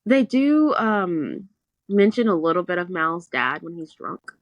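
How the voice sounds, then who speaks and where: A woman's voice: fairly low pitch, a little slow, no room sound, highs cut off. Young woman animatedly recapping a book. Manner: animated storytelling, quotes characters in little voices. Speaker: podcast co-host. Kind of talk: casual chat recapping a book.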